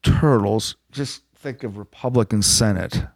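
A man's voice: on the low side, a little slow, no echo. Playful man reading a bedtime story. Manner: playful, deadpan asides.

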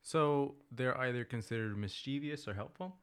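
A man co-hosts a podcast in relaxed, casual chat. He answers with dry, teasing banter and throws in deadpan jokes. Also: mid-range voice, moderate pace, clean tone. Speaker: podcast co-host.

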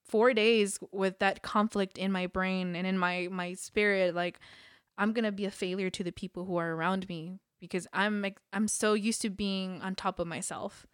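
A woman co-hosting a podcast, talking in an earnest, halting way and laughing often. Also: medium pitch, fairly even intonation, clear, resonant tone, no echo, clean studio sound. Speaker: podcast co-host. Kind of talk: casual chat.

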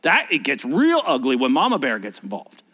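A man preaching a sermon as pastor, animated and acting out scenes, often restarting his words. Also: mid-range voice, normal speed, big-room sound.

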